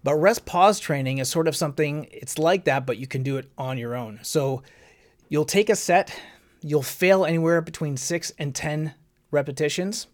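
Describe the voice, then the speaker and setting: A man's voice: fairly high pitch, normal speed. A man hosting a fitness podcast, explaining training methods step by step in a casual way, with frequent "um" and "right?". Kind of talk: casual instructional talk.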